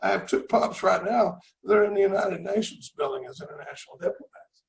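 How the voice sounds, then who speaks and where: A man's voice: sits high, steady tone, a little fast. A man putting on a boastful old talking dog. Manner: boastful, smooth raconteur. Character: old male talking dog, proud storyteller.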